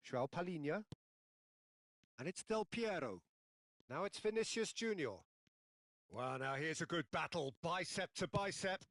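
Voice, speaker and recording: A man giving play-by-play football commentary in a video game, building up excitedly and shouting at goals and shots. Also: a little high, measured pace, long pauses, no echo.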